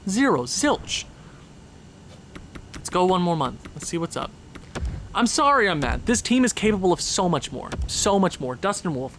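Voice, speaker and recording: High-voiced, exasperated young gaming commentator. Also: male voice, slight background noise. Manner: exasperated, sarcastic, swings to loud outbursts. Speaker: gaming YouTuber. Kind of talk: franchise mode gameplay commentary.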